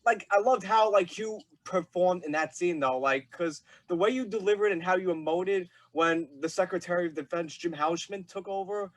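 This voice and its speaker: A man's voice: high-pitched, moderate pace, few pauses, no echo, poor audio. A young man hosting an interview, asking questions in an eager, fan-like way full of "like" and "uh". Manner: eager, fan-like, many fillers. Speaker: podcast host. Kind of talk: casual interview chat.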